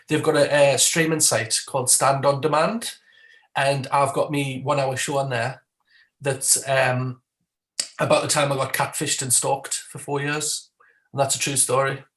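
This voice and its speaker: A man's voice: medium pitch, fairly even intonation, normal speed, fairly bright tone. A man with a Geordie accent, a guest comedian chatting casually, rambling and laughing between phrases. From Newcastle, England. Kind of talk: casual chat.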